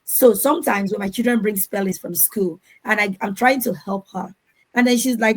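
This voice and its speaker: Animated woman panelist. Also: medium pitch, normal speed, rough recording. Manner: animated, acts out quoted voices. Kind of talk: panel Q&A answer.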